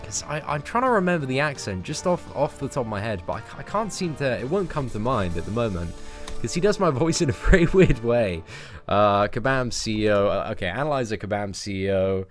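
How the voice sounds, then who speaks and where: A man chatting excitedly and casually on a live game stream. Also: medium pitch, a little fast, faint music behind.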